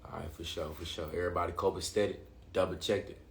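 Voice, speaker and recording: A man hosting a livestream, talking excitedly in casual slang, often restarting and repeating himself. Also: low-pitched, fast, reverberant, a little hiss or hum. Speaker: livestream host. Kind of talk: live-streamed talk to viewers.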